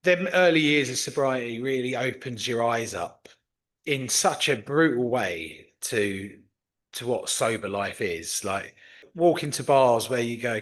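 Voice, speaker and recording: A man's voice: mid-range voice, expressive, unhurried, fairly bright tone. A man hosting a podcast, chatting casually and telling anecdotes in which he acts out other people's lines. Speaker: podcast host.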